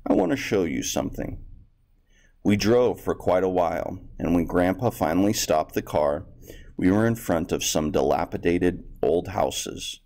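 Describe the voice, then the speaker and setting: A man's voice: sits low, creaky, a little mellow. A male teacher reading a textbook story aloud to students and explaining vocabulary in a plain, explanatory way.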